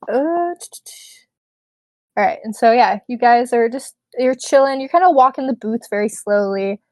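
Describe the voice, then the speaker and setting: A woman narrating as game master of a tabletop game, relaxed and rambling with many fillers. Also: a little high, normal speed, dry recording.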